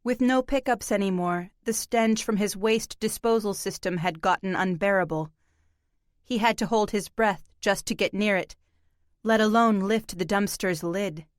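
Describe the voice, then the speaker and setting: Reading from a script, a woman narrates an audiobook in a calm, measured manner. She has a medium-pitched voice, recorded cleanly in a studio with no room sound.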